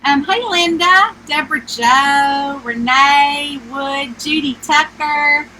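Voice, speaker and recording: A middle-aged woman with a high, squeaky, twangy voice, chatting on a phone livestream from a small camper and greeting viewers by name. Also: slow pace, sharp tone, a little hiss or hum, poor audio. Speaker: author hosting a livestream. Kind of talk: casual live-stream chat. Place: inside a small camper with the air conditioner running.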